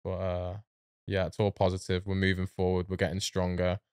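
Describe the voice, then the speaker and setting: Earnest young man, flat tone. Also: low-pitched, a little fast, smooth, no echo, clean studio sound. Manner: earnest, motivational. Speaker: podcast guest. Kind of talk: reflective casual chat. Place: podcast studio.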